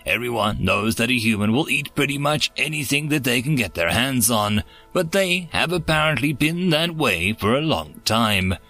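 A man's voice: mid-range voice, animated, moderate pace, hardly any pauses, sharp tone, faint music behind. A man voicing an amused male alien starship pilot who talks in a gleeful, gossipy way.

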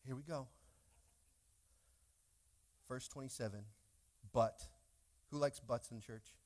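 A young man preaching a lively sermon as pastor, calling out to his congregation in church. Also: medium pitch, takes it slowly. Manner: animated, calls out to congregation.

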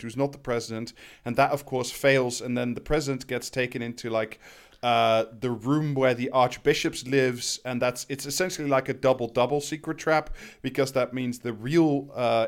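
A man recapping a film's plot in a rambling, halting way, full of ums and restarts. His voice is smooth and resonant at a middle pitch. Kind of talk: casual film review chat.

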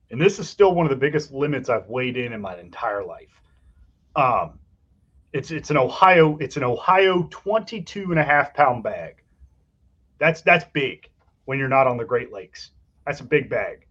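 A man's voice: medium pitch, animated, unhurried, long pauses, fairly bright tone, husky, lo-fi sound. Profane man spinning a fishing story. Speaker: podcast host. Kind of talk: casual chat.

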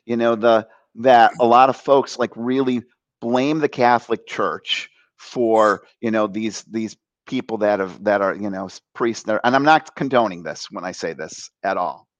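A middle-aged man telling a personal story on a talk show, animated and laughing as he acts out the voices of others. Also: fairly low pitch, normal speed, no room sound, highs cut off. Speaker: guest.

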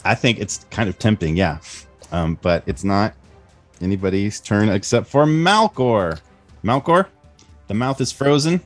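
A man's voice: lowish voice, expressive, measured pace, faint music behind. Casual man running a tabletop game. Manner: casual, friendly, filler-laden narration. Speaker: game master. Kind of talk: narrating a family tabletop game.

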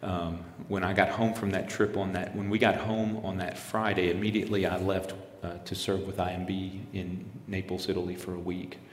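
A man's voice: deep voice, little pitch movement, normal speed, hardly any pauses, roomy sound, big-room sound, slight background noise. A man in his forties telling a personal story in an interview, earnest, often restarting his sentences. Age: 40s. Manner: earnest, retelling with quoted dialogue, frequent restarts. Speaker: interviewee, missionary pastor.

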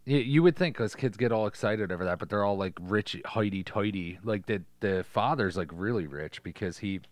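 Low-voiced laid-back male co-host, dry sound. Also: a little fast, no echo. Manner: laid-back, swears, trails off in fragments. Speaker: podcast co-host. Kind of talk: casual movie chat.

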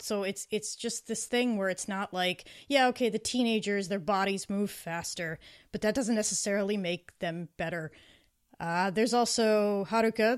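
A woman co-hosting a casual podcast, speaking with a mid-range voice. She talks enthusiastically and breaks into little voices for the characters she quotes. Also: mid-range voice. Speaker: podcast co-host. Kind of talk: casual podcast review chat.

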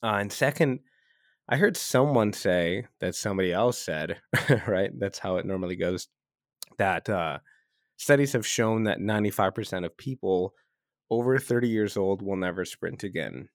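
A man in his thirties hosting a casual podcast from a hotel room, chatty and loose, laughing at himself and clearing a slightly stuffy throat. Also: deep voice, moderate pace, no echo, clean studio sound. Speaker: podcast host. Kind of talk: casual rambling podcast monologue.

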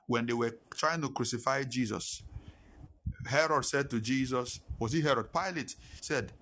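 A man preaching a sermon, telling a personal story and swinging between hushed and emphatic delivery. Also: medium pitch, husky.

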